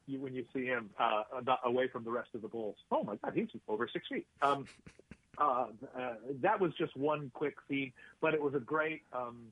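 A man's voice: mid-range voice, steady tone, moderate pace, no room sound. A man, an actor and writer, telling rambling anecdotes in a casual interview, full of fillers and restarts. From United States. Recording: tinny phone-like line.

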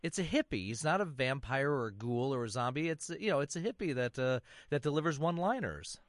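Lively interviewer with a dry close sound. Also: male voice, medium pitch, fairly quick, no echo. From Michigan. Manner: curious, chatty, rambling questions. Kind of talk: interview questions.

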